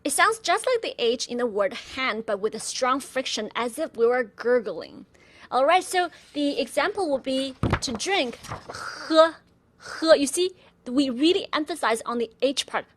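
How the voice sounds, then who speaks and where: A woman teaching pinyin pronunciation, demonstrating each sound slowly and repeating syllables for learners. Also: high-pitched, very animated. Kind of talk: slow instructional pronunciation lesson.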